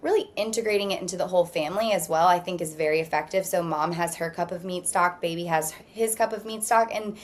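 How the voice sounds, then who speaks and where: Calm, reassuring woman practitioner guest. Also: lowish voice, fast talker, hardly any pauses. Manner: steady, reassuring, explains at length. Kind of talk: calm explanatory interview talk.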